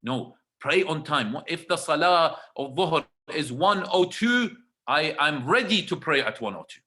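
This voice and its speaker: Giving a religious talk on a video call, this man speaks at a measured pace in a slightly high, expressive voice that sounds pushed and bright. He stresses his points, repeats phrases and keeps asking his audience "right?"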